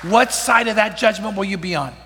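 Middle-aged preacher, high bright voice, storytelling sermon style, long reverb from a church hall. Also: male voice, brisk, gravelly, some chatter behind. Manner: storytelling with rhetorical questions to the congregation. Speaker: pastor.

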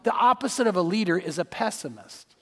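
A man's voice: sits high, lively intonation, a little fast, bright, forceful tone. A man preaching a sermon as pastor, emphatic, with repeated words and joking asides. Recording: long hall reverb.

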